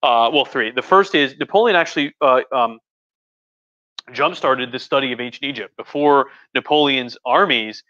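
Having had a few drinks, a male history professor chats casually in lecture style on a live stream from his couch-furnished living room, rambling with fillers, restarts and joking asides. He speaks at a normal speed in a bright, forceful mid-range voice. There's no echo, though the stream audio is dull and lo-fi.

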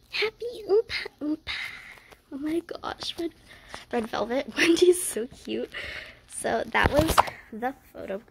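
A woman chatting casually while unboxing a haul, gasping and squealing with fan excitement and sometimes dropping to a whisper. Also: fairly high pitch, a little hiss or hum, poor audio. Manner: gasps and squeals often, gushing fan excitement; drops to a whisper at times.

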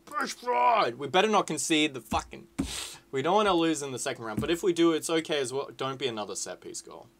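Excitable sweary young man gaming. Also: a little high, quick pace. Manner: excitable, sweary, shouts at the screen. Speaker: gaming YouTuber. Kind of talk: casual game commentary.

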